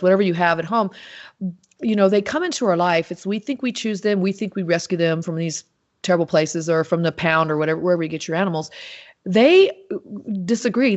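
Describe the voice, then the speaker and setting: A woman guest on an interview show, telling stories animatedly with frequent restarts and fillers. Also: on the low side. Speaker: podcast guest, animal communicator. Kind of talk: casual interview talk. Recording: dull lo-fi sound.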